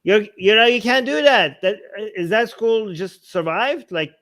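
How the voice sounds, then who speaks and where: A man's voice: high-pitched, animated, normal speed, fairly bright tone. Emphatic, heated man co-hosting. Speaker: co-host of a news talk show. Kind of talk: casual opinionated chat. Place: at home with dogs.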